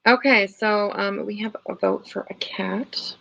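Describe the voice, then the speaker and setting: A woman's voice: mid-range voice, fairly even intonation, measured pace, creaky, a bit bright, dull audio. A middle-aged woman hosting a casual livestream, chatting loosely with viewers, rambling with lots of fillers and frequent laughs. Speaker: livestream host.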